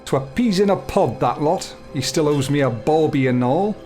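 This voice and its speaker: A man voicing a gruff, resentful village blacksmith in a put-on Scottish accent. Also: on the high side, lively intonation, normal speed, mellow, faint music behind, close to an everyday voice. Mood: grumbling. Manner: grumbling, blaming others.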